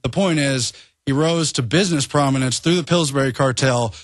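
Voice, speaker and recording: A male reporter on a talk radio show giving brisk commentary that lists facts. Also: mid-range voice, no echo, studio quality.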